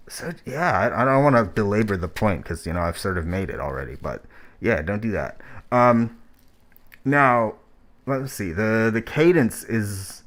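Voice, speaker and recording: A man's voice: on the low side, a bit bright. A man streaming, giving blunt, profane, rambling critique of rap tracks.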